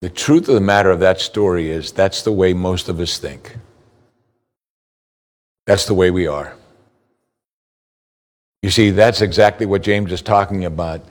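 Earnest man preaching a sermon. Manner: earnest preaching with rhetorical questions; rises in pitch for emphasis, slows for key points. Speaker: pastor.

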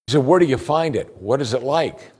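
A man's voice: lively intonation, darkish tone, breathy edge. Earnest male preacher delivering a sermon. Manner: earnest, rises in pitch for emphasis, slows for scripture reading.

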